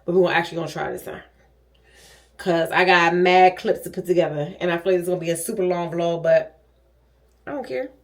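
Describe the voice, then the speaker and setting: A woman's voice: on the low side, little pitch movement, fast. Woman, middle-aged, chatty vlogger, dramatic, casual. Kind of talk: casual chat.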